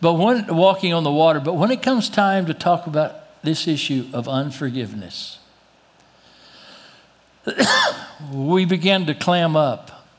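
A man preaching a sermon as pastor, reading scripture aloud and dropping low and slow to press his points, with an occasional cough. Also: animated. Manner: reads scripture then drops low and slow for emphasis; coughs now and then.

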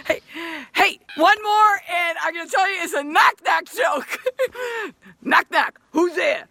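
A woman's voice: extremely high pitch, slow, vocal fry, sharp tone, no echo. A woman telling corny jokes on a radio segment, goofy and laughing at her own punchlines. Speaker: joke teller on a radio segment. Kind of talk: bouncy joke segment.

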